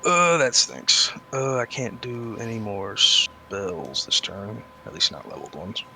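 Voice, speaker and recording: A man's voice: lowish voice, expressive, unhurried, gravelly, pushed and bright, a little hiss or hum, poor audio. A man playing a spellcaster in a tabletop game, talking casually and ruefully about his own bad luck. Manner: rueful, talks through his mishaps. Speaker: player.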